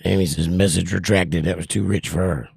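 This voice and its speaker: A man with a gravelly, creaky voice hosts a relaxed livestream chat, reading out comments and joking along. He sounds strained and winded as he talks. The sound is close and dry, with no room around it. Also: low-pitched, fairly quick, no room sound. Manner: reads viewer comments aloud and jokes back. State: short of breath, voice strained. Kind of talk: casual chat.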